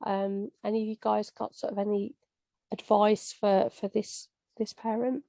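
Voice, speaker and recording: A woman's voice: medium pitch, level tone, unhurried, gravelly, mellow, no echo. A woman hosting a live panel as a parent, talking in an earnest, conversational way with some restarts.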